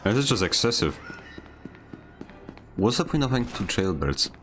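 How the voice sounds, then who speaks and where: A man's voice: on the low side, big pitch swings, normal speed, a bit bright, faint music behind. A man chatting casually while streaming a game, teasing his teammates. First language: Polish. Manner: teasing, playful. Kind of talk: casual gaming chat.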